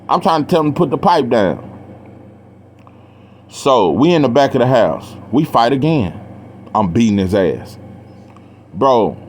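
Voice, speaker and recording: A man's voice: medium pitch, a little hiss or hum. A young man casually telling a profane story, acting out the quotes in a raised voice. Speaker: storyteller guest.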